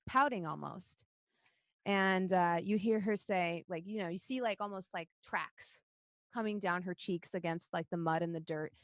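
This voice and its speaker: A woman's voice: lowish voice, no room sound. A woman narrating as game master in a casual way with many fillers.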